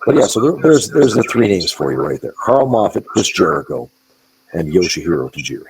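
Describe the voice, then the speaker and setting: A man with a very low voice full of gravelly fry tells stories bluntly and emphatically, swearing freely. He speaks as a guest in a wrestling interview and often restarts his sentences. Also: big pitch swings, a little fast, darkish tone, slight background noise, low-quality recording. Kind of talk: candid interview storytelling.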